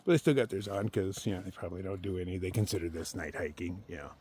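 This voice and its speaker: A man talking casually to his camera while hiking a forest trail, chatty and opinionated, thinking out loud to himself. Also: low-pitched, fast, husky. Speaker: solo thru-hiker filming his hike. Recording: faint outdoor noise behind the voice.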